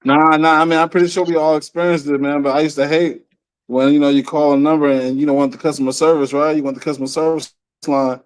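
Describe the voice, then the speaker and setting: A man on a casual group call, telling a relaxed story and doing quick impressions. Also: a little high, smooth.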